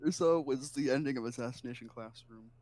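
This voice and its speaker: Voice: medium pitch, fairly quick, darkish tone, dry recording. A young podcast co-host chatting casually, asking questions and laughing often. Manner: laid-back, asks questions, laughs often. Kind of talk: casual chat.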